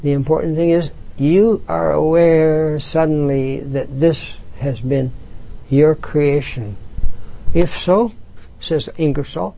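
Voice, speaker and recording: A man delivers a spiritual talk in a warm, mellow voice. He speaks slowly and reflectively, often pausing and correcting himself. He reads book passages aloud to make his points. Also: on the high side, fairly even intonation, gravelly, low-quality recording. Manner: reflective, unhurried, with halting restarts. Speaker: spiritual teacher.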